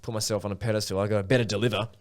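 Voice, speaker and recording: A man from Australia, a marriage celebrant, telling stories in a relaxed, rambling way with swearing. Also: fairly low pitch, racing. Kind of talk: casual storytelling.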